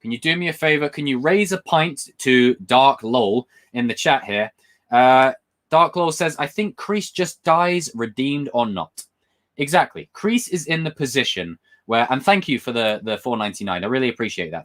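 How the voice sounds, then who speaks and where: A young man hosting a casual livestream, talking excitably and rambling, often repeating himself. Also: mid-range voice, moderate pace. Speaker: livestream host. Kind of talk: casual live-stream chat.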